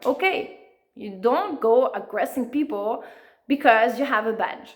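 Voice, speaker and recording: Brief: a woman author in an interview, earnest and animated, fillers throughout, voice a touch high. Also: unhurried. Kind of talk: conversational storytelling.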